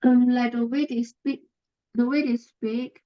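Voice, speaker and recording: A young woman with a Singaporean accent, a student, answers in class in a casual, halting way. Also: fairly high pitch, steady tone, highs cut off. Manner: casual, halting, mixes English and Mandarin.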